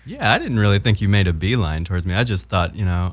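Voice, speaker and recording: A man from Southwest Virginia talks as a podcast guest, a former doctor turned actor telling stories in a relaxed, good-humored way. His voice is notably deep and low. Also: fast, hardly any pauses. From Southwest Virginia, United States. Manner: laid-back, storytelling, good-humored. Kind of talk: casual interview chat.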